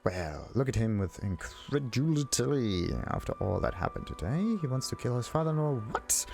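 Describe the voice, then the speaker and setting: Creaky-voiced man narrating his gameplay. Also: medium pitch, big pitch swings, normal speed, music in the background. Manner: reads dialogue options aloud, chuckles often, muses to himself. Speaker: let's play host. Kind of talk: casual gameplay commentary.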